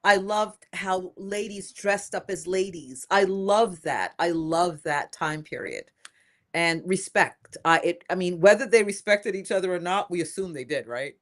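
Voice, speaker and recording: An older woman being interviewed as a guest, talking in a lively, emphatic way and repeating phrases for emphasis. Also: on the low side, measured pace. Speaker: inventor and guest. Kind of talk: casual interview.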